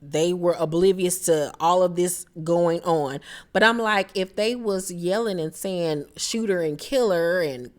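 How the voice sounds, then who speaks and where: A young woman, talking casually on her reality TV recap. Her voice sits low for a woman, and she is blunt and sassy, swears freely, and drops into exaggerated mock reactions. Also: measured pace. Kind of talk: casual commentary.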